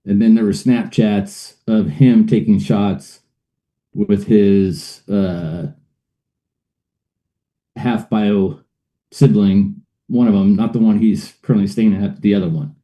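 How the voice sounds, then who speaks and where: A middle-aged man, a guest on a talk show, tells a hard personal story. His voice sits low and sounds deep and dark. He rambles, leans on fillers and lets out uneasy little laughs. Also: steady tone, slow pace.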